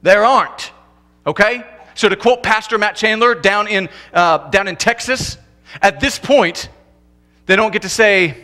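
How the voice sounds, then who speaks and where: A man pastor preaching a sermon in a church, animated, swinging from loud emphatic lines to quiet low ones, and acting out couples' lines in quick comic voices.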